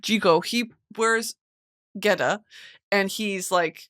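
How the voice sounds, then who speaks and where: A woman hosting a podcast in casual chat, excitable and swearing freely, on a close studio mic. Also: mid-range voice, slow, no echo. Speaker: podcast host.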